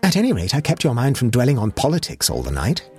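A man's voice: mid-range voice, huge pitch swings, fast talker, a little mellow, breathy edge, soft background music, pitched above the performer's own voice, full character voice. A man voicing a mischievous young woman who teases her guest, in a storybook reading. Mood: teasing. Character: teasing mischievous young lady of the house.

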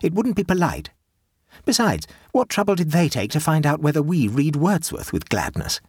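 A man's voice: a little high, big pitch swings, moderate pace, breathy edge, dry recording, voice pushed up. A man reading aloud and voicing a weary, sardonic Edwardian society wife, in a raised voice with tired defiance and dry wit. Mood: wearily defiant.

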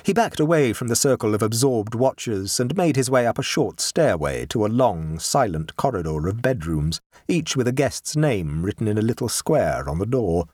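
A man narrating a classic short story in an expressive way. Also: no room sound, studio quality. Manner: expressive, shifting pitch for dramatic beats.

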